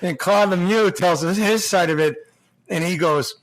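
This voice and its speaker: A middle-aged man, a former hockey player and podcast guest, telling profane locker-room stories in a lively, casual way full of restarts. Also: sits high, normal speed. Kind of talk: casual storytelling chat.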